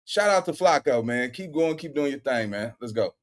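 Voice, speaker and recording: A man hosting a reaction video, loudly teasing and exclaiming in slangy casual commentary. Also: mid-range voice, normal speed. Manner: excitable, teasing, loud exclamations and laughter; repeats slangy tags like "boy" and "bro".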